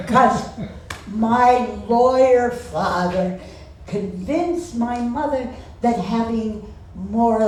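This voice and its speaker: Woman in her nineties, cabaret storyteller, very slow wry delivery, echoey theater heard from afar. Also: mid-range voice, darkish tone. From Boston, USA. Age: 90s. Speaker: cabaret performer. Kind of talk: live comic storytelling. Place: theater stage. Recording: echoey theater, far from mic.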